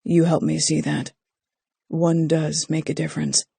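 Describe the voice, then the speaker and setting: A haunted, protective young man who speaks low and clipped, as an audiobook narrator plays him. The gravelly, husky voice is dark and mellow. It is recorded close and completely dry. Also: little pitch movement, measured pace, dry recording, exaggerated voice. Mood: tender. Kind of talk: audiobook character voice.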